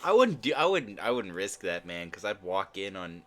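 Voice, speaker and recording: A man's voice: sits low, sing-song, normal speed, fairly bright tone. A young man in casual podcast banter, throwing in dry quips. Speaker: podcast co-host.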